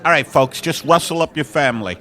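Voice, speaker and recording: A man's voice: fairly high pitch, brisk, bright, forceful tone. A man playing an exasperated, foul-mouthed male portrait photographer in an improvised sketch. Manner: exasperated, cursing, bossy.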